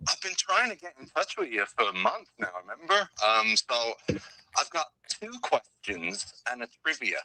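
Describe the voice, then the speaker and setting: A man's voice: medium pitch, very animated, normal speed, sharp tone, rough recording. Brummie man with an American tinge. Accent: Birmingham with an American tinge. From Birmingham, England. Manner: friendly, laughs easily, asks quiz questions. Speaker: caller. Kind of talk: casual radio phone-in call.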